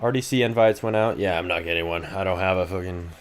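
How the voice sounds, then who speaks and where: A man from Idaho streams his game development and chats with viewers. He jokes around and swears freely. His voice sits a little low. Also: fast, clear, resonant tone. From Idaho, USA. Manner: profane, joking banter with chat. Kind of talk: casual livestream chat.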